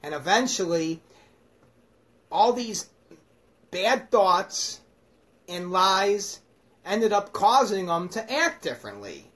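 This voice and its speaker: A man's voice: high voice, a bit bright. A man giving rambling, profane, joking commentary on scripture as a self-styled preacher. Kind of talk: irreverent comedic scripture commentary.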